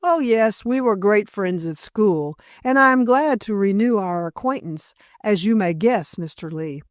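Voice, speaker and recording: A woman's voice: mid-range voice, animated, unhurried, no echo, studio quality, natural voice. A woman voicing a polite, friendly young male barrister in her near-normal reading voice. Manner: courteous and friendly.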